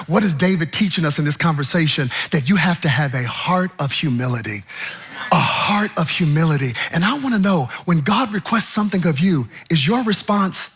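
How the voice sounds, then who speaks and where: An animated male preacher delivering a sermon in a high, bright voice. He is humorous and acts out scenes vividly, his pitch swooping widely for emphasis. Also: moderate pace, slightly rough.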